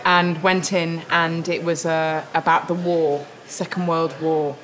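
Lively, laughing woman guest. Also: low voice, takes it slowly, poor audio. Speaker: actor, interview guest. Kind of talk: casual lunchtime interview. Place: restaurant table.

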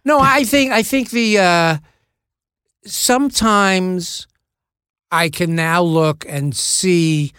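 A man's voice: high-pitched, slow pace, bright, forceful tone, smooth, no room sound, clean studio sound. An older man, a guest actor, chatting casually and telling reflective stories in an interview. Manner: anecdotal, reflective storyteller.

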